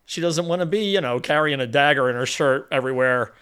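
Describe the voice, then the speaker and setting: An older man co-hosting a casual movie review chat, animated and acting out quoted lines with emphasis. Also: mid-range voice, fast talker, smooth. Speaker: co-host of a movie review show.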